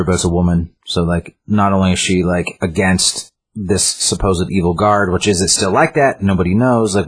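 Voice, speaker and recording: A man's voice: low voice, husky. A man casually retelling a comic book's plot and reviewing it, rambling with many fillers and restarts. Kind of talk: casual chat retelling a story.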